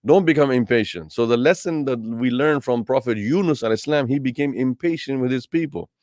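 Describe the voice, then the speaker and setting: A man teaches a Quran tafseer lesson with animated delivery and speaks straight to his listeners. His voice sits at a middle pitch for a man. The recording is dry, with no room echo. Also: fairly quick. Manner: animated, acts out quoted voices; addresses listeners as brothers and sisters. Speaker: Islamic teacher.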